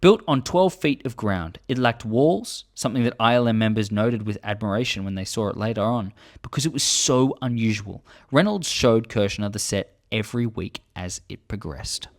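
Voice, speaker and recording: A man's voice: on the low side, moderate pace, hardly any pauses. A man hosting a video, reading book excerpts aloud and adding earnest, enthusiastic fan commentary. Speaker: host.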